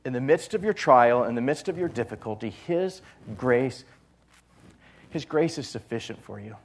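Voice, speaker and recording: A man preaching a sermon as pastor, swinging from loud emphasis to soft, quiet lines and repeating phrases. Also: mid-range voice, animated, normal speed.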